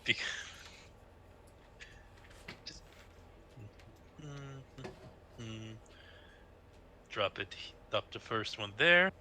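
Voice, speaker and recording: A man playing in a tabletop game, speaking hesitantly with many pauses. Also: fairly low pitch, animated, sharp tone, slight background noise. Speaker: player.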